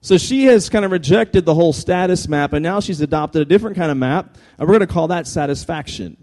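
Energetic joking man, slightly high voice. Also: fairly quick. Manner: energetic, jokey, repeats phrases, calls for attention. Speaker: speaker addressing a live audience. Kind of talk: animated, humorous talk to an audience.

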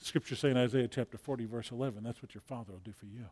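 A man preaching a sermon from New Orleans, dropping to hushed lines and building to loud, excited peaks, often repeating words as he presses a point. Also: mid-range voice, rapid-fire, breathy edge. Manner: dynamic preaching, drops to near whisper then builds loud. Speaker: pastor.

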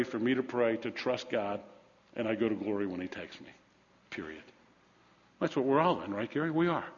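A man in his fifties preaching a sermon, shifting from hushed confession to emphatic scripture reading. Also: mid-range voice, in a large hall, dull audio. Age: 50s. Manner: earnest, swings from hushed to emphatic. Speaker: pastor.

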